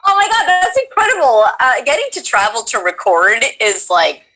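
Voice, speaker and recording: A woman's voice: fairly high pitch, sing-song, normal speed, sharp tone, poor audio. A woman hosting a casual interview stream, enthusiastic, reacting to her guest and reading out viewer comments. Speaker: livestream host.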